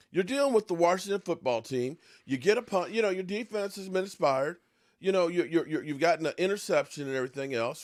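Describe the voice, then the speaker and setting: A man hosting a casual sports talk show, ranting and joking in an animated way while eating pie, swinging between low mutters and loud outbursts. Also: brisk, dry recording, clean studio sound.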